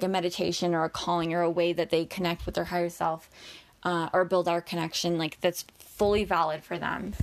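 A woman giving casual spiritual advice in a chatty, bubbly way, full of fillers and restarts. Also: medium pitch. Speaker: spiritual vlogger.

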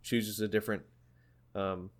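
A man's voice: lowish voice, level tone, unhurried. A young man co-hosting a casual podcast, rambling with many fillers and restarts as he retells an interview. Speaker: podcast co-host. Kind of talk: casual chat about music.

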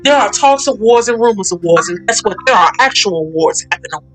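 A woman's voice: medium pitch, lively intonation, fairly quick, fairly bright tone, faint music behind, rough recording. A woman hosting a faith talk session, speaking fervently and emphatically in a preaching style, repeating her points.

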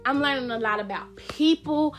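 A woman's voice: high-pitched, normal speed. A young woman hosting her own podcast in a chatty, informal way, talking straight to her listeners. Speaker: podcast host. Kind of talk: casual solo podcast chat. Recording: faint music behind voice.

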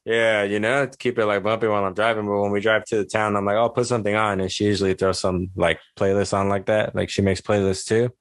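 Young guy on a podcast, lowish voice, super laid back and slangy, dry close sound. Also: flat delivery, quick pace, few pauses, dry recording. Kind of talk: casual chat.

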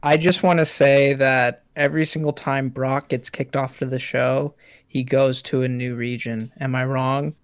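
A man's voice: medium pitch, flat delivery, unhurried, clean tone, no room sound. Man, tabletop player, casual, profane, dry recording. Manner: laid-back, swears freely. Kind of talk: casual group chat.

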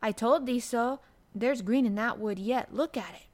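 A woman's voice: medium pitch, measured pace, close to an everyday voice. A woman voicing a cheerful country boy with a who talks eagerly and earnestly about plants, in an audiobook reading. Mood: excited.

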